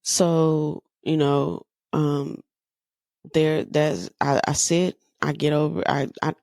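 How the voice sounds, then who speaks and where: A woman's voice: sits low, little pitch movement, takes it slowly, creaky, a little mellow, dry recording, studio quality. A woman in her thirties hosting a podcast, talking candidly in a loose, conversational way with lots of fillers. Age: 30s. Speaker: podcast host. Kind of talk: personal monologue.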